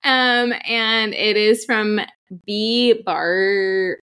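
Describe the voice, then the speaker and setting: A woman co-hosts a casual podcast with a giggly, animated delivery. She reads listener reviews aloud and steers the show from segment to segment, with an average pitch and an ordinary tone. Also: drawn-out words, smooth. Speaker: podcast co-host.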